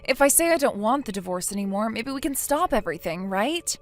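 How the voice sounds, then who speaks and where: A whiny, naive young wife, voiced by a synthetic woman, hesitant and pleading as she makes excuses. Her voice sits a little high, and faint music runs under the text-message story. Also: lively intonation, fairly quick, lightly acted. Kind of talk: text-to-speech text story narration.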